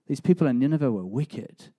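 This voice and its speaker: A man's voice: mid-range voice, brisk, breathy edge. Emphatic male preacher. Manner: emphatic, rising to animated storytelling. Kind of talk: sermon.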